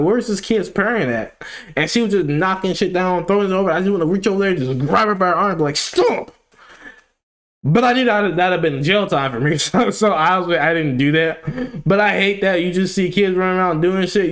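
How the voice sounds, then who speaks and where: A young man hosting a reaction video, chatting casually and excitably, laughing often and saying "bro" a lot. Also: on the high side.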